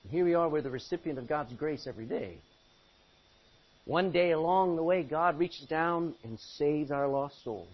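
Male pastor, animated sermon delivery, high and husky voice, lo-fi recording. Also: moderate pace. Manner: animated, exhorting, rhetorical questions. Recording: muffled lo-fi recording.

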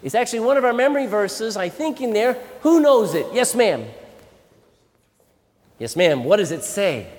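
A man's voice: high-pitched, moderate pace, pauses often. Guy preaching to kids, lots of questions, swoopy voice, echoey big hall. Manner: animated, asks the audience questions. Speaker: preacher teaching children. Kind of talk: sermon. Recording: long hall reverb.

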